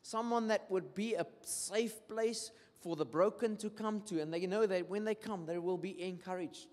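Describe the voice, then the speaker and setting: A man's voice: high-pitched, moderate pace. A man with a South African accent preaching a sermon, telling stories and acting out what people say. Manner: switches between English and Afrikaans, animated storytelling with acted-out quotes. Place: church hall. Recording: long hall reverb.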